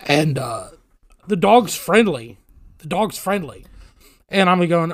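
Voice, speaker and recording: A man's voice: fairly high pitch, measured pace, long pauses, no room sound, studio quality. A man casually telling a story on a podcast, swearing often and acting out what people said. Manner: profane, animated storytelling.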